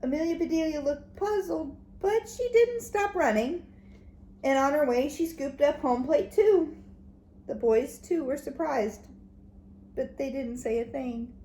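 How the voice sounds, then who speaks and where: Animated woman reading a storybook aloud. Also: high voice, slow pace. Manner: animated, expressive, with soft whispered asides. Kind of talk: children's read-aloud. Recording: echoey room, faint background noise.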